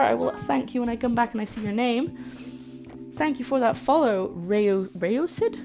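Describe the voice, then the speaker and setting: A young woman from the UK chatting casually on a cooking livestream, reading out recipe steps and reacting to her chat with excited disbelief, talking into a streaming mic in her home kitchen. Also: fairly high pitch, normal speed, creaky. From United Kingdom. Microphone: streaming microphone. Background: guitar music.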